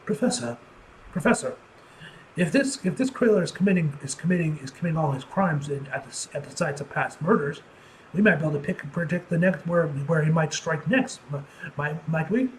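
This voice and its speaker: A man's voice: on the high side, animated, brisk, a little hiss or hum, close to an everyday voice, poor audio. Dude reading an eager young brit student girl, stumbly and earnest. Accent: put-on British.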